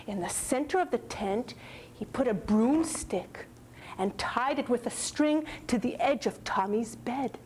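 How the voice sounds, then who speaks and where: High-voiced woman storyteller, slow and expressive reading. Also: slight background noise, rough recording. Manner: slow and expressive, dropping to whispers. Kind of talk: children's storytelling.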